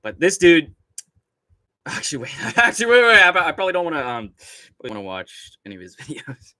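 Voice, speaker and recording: A man's voice: fairly high pitch, very animated, brisk, sharp tone, no echo. A young man hosting a casual livestream, ranting and rambling with constant swearing and laughter while reading chat. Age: young adult. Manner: profane, rambling rants with frequent laughter.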